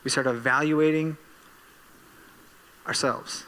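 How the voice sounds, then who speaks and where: Animated pastor preaching in a reverberant hall. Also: male voice, a little high, takes it slowly. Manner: animated, self-deprecating storytelling with rising excitement. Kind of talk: sermon. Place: church sanctuary.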